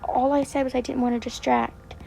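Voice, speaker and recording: Woman streamer, upset commentary, rambling and repetitive, higher pitch, mellow tone. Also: level tone, fairly quick, creaky, a little hiss or hum, poor audio. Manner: rambling, repetitive, with many fillers and restarts. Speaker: game streamer.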